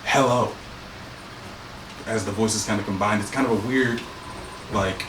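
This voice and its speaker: A man's voice: lowish voice, fairly even intonation, normal speed. A man narrating a tabletop game as game master, in a loose, rambling way full of fillers. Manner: rambling, full of ums and likes. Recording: roomy, distant mic, background noise.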